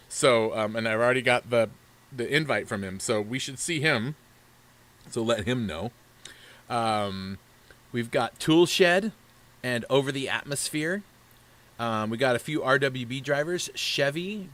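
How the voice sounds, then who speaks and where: A man's voice: mid-range voice, a bit bright. A man hosting a casual live stream for a racing league, talking in a chatty, rambling way. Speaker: league race broadcaster.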